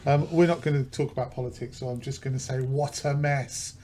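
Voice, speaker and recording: A man hosting a casual podcast, dry and self-mocking, often halting mid-sentence. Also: mid-range voice, fairly even intonation, darkish tone. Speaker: podcast host. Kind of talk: casual pub chat. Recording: faint background noise.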